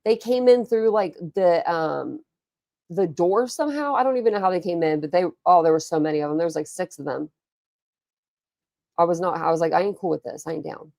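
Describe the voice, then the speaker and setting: Gravelly-voiced woman chatting on a livestream. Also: on the low side, a little fast, a little mellow, dry recording, studio quality. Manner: rambling storytelling, chatty, reads and answers chat. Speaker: livestream host. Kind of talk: casual livestream chat.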